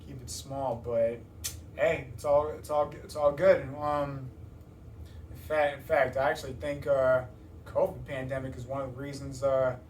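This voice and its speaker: A man's voice: medium pitch, level tone, moderate pace, a little mellow, a little hiss or hum. A young man in an interview, talking casually and rambling with many fillers and restarts. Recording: roomy, distant mic.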